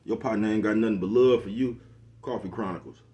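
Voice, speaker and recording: Warm in tone and on the low side, the voice belongs to a middle-aged man who speaks fast. He hosts his own vlog, ranting casually and slangily to the camera while repeatedly asking if you get what he's talking about.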